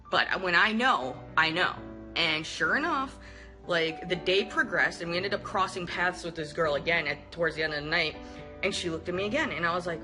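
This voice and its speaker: A young woman vlogger candidly retelling a personal story to camera, animated and profane, acting out what people said. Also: lowish voice, brisk, faint music behind.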